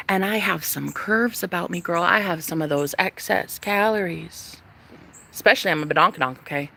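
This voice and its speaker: Thirties woman venting on her vlog, swears a lot, goes loud then hushed, bright gravelly voice. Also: mid-range voice, moderate pace. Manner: animated, swings from loud to whispered, profane. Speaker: vlogger. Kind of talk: casual rant to camera.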